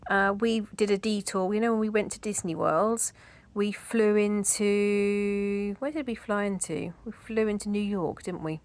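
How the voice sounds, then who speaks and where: A woman's voice: medium pitch, fairly even intonation, measured pace. A middle-aged woman chatting in a rambling way, with asides and laughter, as a decluttering vlogger. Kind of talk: casual chat.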